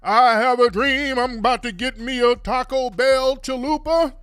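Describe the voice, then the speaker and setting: A man's voice: extremely high pitch, fairly even intonation, normal speed, fairly bright tone, smooth, dry recording, clean studio sound, pitched above the performer's own voice. A man putting on the voice of a phony grown man who fakes an exaggerated, sing-song folksy drawl to mock him. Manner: mocking, overdone, sing-song.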